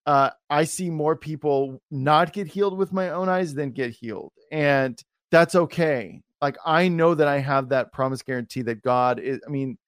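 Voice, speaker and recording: A man's voice: a little high, normal speed, hardly any pauses, dry recording, studio quality. A man hosting a podcast interview, chatting casually and saying dude and like a lot. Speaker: podcast host.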